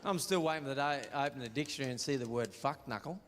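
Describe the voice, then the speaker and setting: A man's voice: mid-range voice, rapid-fire, very noisy. A man with an Australian accent performing a crude, storytelling stand-up comedy set on stage, recorded live. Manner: brash, crude, storytelling with acted quotes. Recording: live show with roomy reverb and audience laughter.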